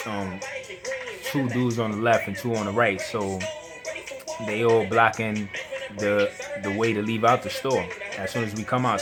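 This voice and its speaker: A young man telling a personal story in a slangy, rambling way, chuckling now and then. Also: lowish voice. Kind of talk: casual storytelling. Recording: music playing behind.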